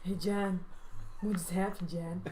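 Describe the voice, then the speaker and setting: A woman's voice: lowish voice, flat delivery, unhurried, mellow. A woman taking part as a player in a tabletop game, breezy and coaxing. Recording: echoey room with music behind.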